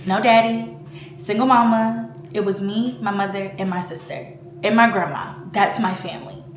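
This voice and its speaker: In a roomy recording with slight background noise, a woman in her twenties speaks at medium pitch and normal speed with fairly even intonation. She's vlogging casually about personal matters, emotional and near tears, her speech packed with "like" and "you know."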